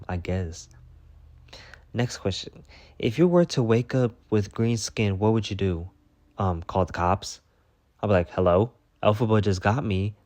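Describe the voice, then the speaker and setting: A man answering fan questions in a casual storytime vlog, profane and animated, jumping into loud acted-out voices. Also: fairly low pitch.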